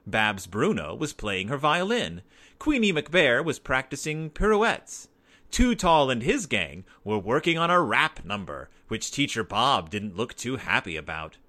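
A man reads a children's storybook aloud with great expression. His voice is bright and forceful. His pitch rises and falls widely as he tells the tale. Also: measured pace. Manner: expressive, animated. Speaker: narrator.

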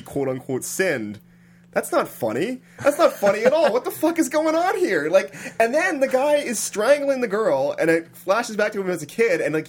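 A podcast co-host with a voice on the high side animatedly recaps a film in casual chat. He says "like" a lot and laughs at the absurdity of the story.

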